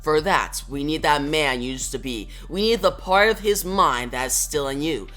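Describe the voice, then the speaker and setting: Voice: mid-range voice, lively intonation, moderate pace, fairly bright tone, faint music behind, natural voice. A reviewer reading an earnest young masked hero. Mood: determined. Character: young, serious male hero in a dark costume.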